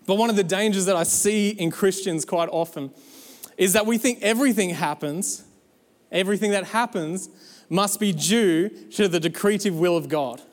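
High-voiced man preaching in a hall. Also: normal speed. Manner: animated, exhorting, playful asides. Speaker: pastor. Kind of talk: sermon.

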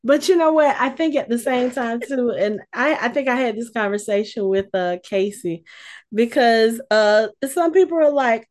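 A woman co-hosting a casual chat, retelling a scene with lively, acted-out quotes. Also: fairly high pitch, moderate pace. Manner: animated storytelling, acts out quotes. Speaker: podcast co-host recapping a TV episode.

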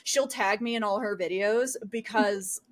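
A woman's voice: mid-range voice, a little slow. A young adult woman chatting as a podcast guest, bubbly and self-deprecating, often laughing. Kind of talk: casual chat.

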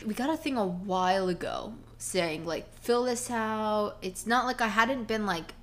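A woman co-hosting a podcast, telling stories in a casual, animated chat full of fillers. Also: medium pitch, normal speed. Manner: chatty, animated storytelling with many fillers. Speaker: podcast co-host.

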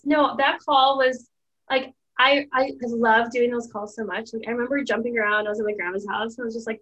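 A woman's voice: on the high side, steady tone, a little fast, fairly bright tone, dull audio. A young woman hosting a podcast, speaking as a mindset coach in casual chat. She talks in a chatty, emotional way, her sentences full of "like" and restarts. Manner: chatty, heavy use of "like", emotional.

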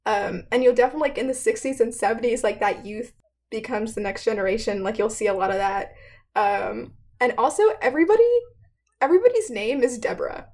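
A young woman with a slightly high voice talks through history in a loose, chatty way. She leans on fillers and laughs often. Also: animated, brisk, a little mellow. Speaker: student presenter. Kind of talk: casual history explainer.

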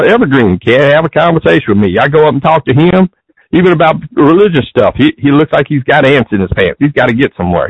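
Man, interview guest: husky, middle-pitched voice, dry dull lo-fi sound, rambling and restarting. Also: no echo. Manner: rambling, restarts sentences often. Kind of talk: casual interview talk.

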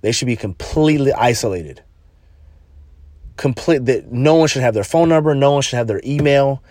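A man's voice: medium pitch, animated, moderate pace, darkish tone, dry recording. A young man who works at a jail, telling a rambling story in casual chat, swearing and restarting often.

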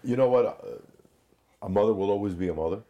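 A man who worked as an investigator, calmly telling stories from his cases in a conversation. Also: on the low side, highs cut off. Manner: measured, recounts cases with quoted dialogue. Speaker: former homicide investigator. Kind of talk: conversational storytelling.

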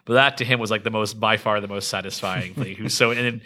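Bright-voiced man telling game stories. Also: lowish voice, fast. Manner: animated, laughs often, many restarts. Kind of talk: casual storytelling chat.

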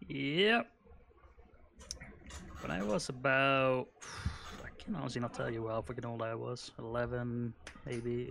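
Gravelly, bright-toned man in casual chat. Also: medium pitch, slight background noise.

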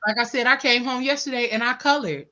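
Bright, blunt woman host. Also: on the high side, fairly even intonation, quick pace, muffled recording. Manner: blunt, profane, laughing. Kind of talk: casual chat.

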